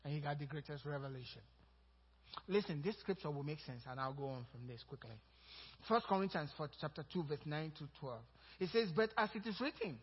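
A male pastor preaching a sermon, lively and chuckling between points, slowing to stress scripture quotes. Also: sits high, slightly rough. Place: church sanctuary. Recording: reverberant hall, dull lo-fi sound.

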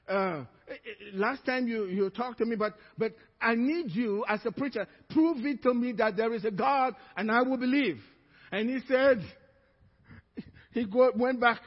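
A pastor preaching a sermon, telling stories and acting out the people in them. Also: male voice, very high voice, husky. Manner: storytelling, acts out quoted voices. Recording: muffled church recording, long reverb.

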